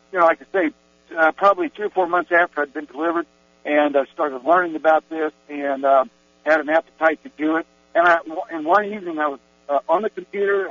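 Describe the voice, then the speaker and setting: A man's voice: fairly high pitch, dry recording. A man telling his personal religious testimony in a meandering way, with many restarts and fillers. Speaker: Christian giving a personal testimony. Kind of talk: rambling spoken testimony. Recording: tinny phone-like recording with mains hum.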